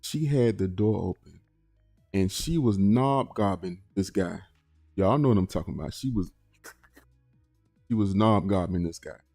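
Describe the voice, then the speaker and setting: Laid-back storytelling man, low and mellow. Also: lively intonation, a little slow, vocal fry, long pauses, dry recording, studio quality, soft background music. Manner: rambling with restarts, acts out quotes in a high voice. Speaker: reaction channel host. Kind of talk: casual storytelling to viewers.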